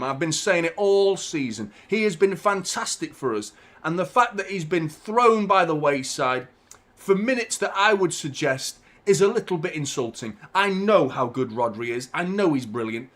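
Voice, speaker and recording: A man hosting a live football watchalong, reacting to the match with casual chat, swearing and bursts of shouting at big chances. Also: fairly high pitch. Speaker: host of a football watchalong stream.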